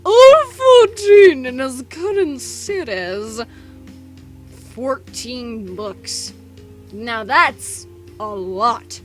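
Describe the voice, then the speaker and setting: A woman voicing a nerdy, eager young male writer in a gushing, high voice over a visual novel. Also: lively intonation, drawn-out words, soft background music, exaggerated voice. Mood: enthusiastic.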